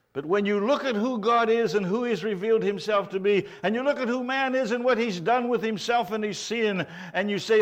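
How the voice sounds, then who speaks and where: A man preaching a sermon, swinging between loud, emphatic declarations and low, quiet lines.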